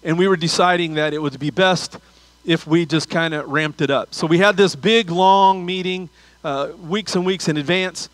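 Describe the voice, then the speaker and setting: A man's voice: fairly high pitch, moderate pace, fairly bright tone, no echo, poor audio. A man preaching a sermon as pastor, telling a funny story with asides before turning to scripture.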